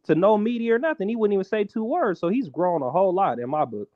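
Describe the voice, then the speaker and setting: A man talks quickly and casually in a barbershop debate, full of "bro" and "like". His voice is a bit high, and the recording is dry and slightly dull. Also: lively intonation. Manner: fast, conversational, peppered with "bro" and "like". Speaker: barbershop panelist.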